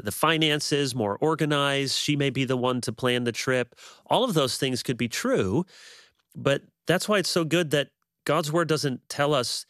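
A man speaking as a guest teacher on marriage, measured and quoting scripture in casual conversation. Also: medium pitch, fairly bright tone, no echo, studio quality.

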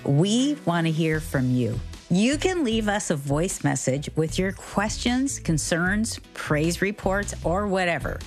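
A woman's voice: fairly low pitch, sing-song, takes it slowly. A woman hosting a radio program, inviting listeners to leave messages. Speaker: radio host. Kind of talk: scripted announcement. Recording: music bed under voice.

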